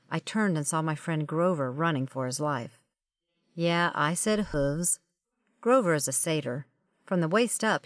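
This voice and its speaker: Low-voiced woman narrating an audiobook. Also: dry recording, studio quality. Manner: wry, conversational storytelling. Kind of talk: scripted first-person audiobook narration.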